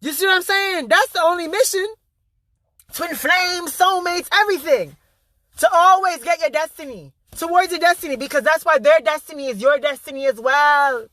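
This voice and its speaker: An intense man preaches a motivational vlog monologue in a high, bright, forceful voice. He swears freely and hammers his key phrases again and again. The sound is close and dry. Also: normal speed, no room sound. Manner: intense, emphatic and profane, repeating key phrases. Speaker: spiritual motivational speaker.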